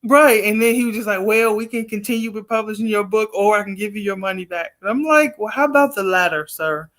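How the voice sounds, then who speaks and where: On a video call, a male guest poet with a high, slightly bright voice tells a long story at a quick pace. He rambles casually, leans on fillers, and acts out the exchanges he's quoting.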